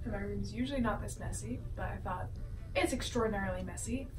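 A woman's voice: mid-range voice, quick pace. A woman vlogging while she cleans her messy bedroom, joking and talking to her belongings in goofy running commentary, recorded by a camera set across the room. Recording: echoey room, far from mic, music behind.

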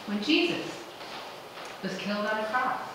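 A woman's voice: a little high, lively intonation, moderate pace, distant mic, noisy background. Woman preaching in an echoey church. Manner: conversational, emphatic, quoting imagined questions. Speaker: pastor. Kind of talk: sermon. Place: church sanctuary.

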